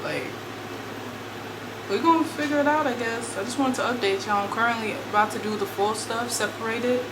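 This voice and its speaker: A woman's voice: a little high, brisk, noisy background. A woman in her twenties, a vlogger chatting casually and slangily to herself while she sorts through her apartment. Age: 20s. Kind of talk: casual chat while decluttering.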